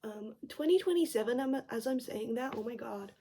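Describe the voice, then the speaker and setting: A woman's voice: a little high, animated, fairly quick, dark tone, slight background noise, poor audio. An English woman chatting casually as a tarot reader, reassuring her viewers with lots of fillers and 'mate'. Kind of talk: casual tarot reading vlog.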